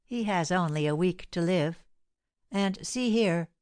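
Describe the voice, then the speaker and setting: A woman's voice: fairly low pitch, unhurried, a little mellow, voice pushed up, lightly acted. Woman reading as a cold, scheming young wife. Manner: cold, insistent, contemptuous.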